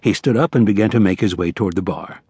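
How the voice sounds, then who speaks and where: Husky male audiobook narrator. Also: fairly low pitch, no room sound. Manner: measured, lively storytelling.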